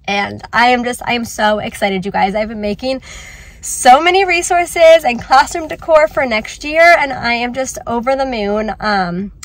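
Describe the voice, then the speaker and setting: Excited high-voiced young woman vlogging. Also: normal speed. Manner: excited, chatty, many "like"s. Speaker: teacher and vlogger. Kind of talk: casual vlog chat.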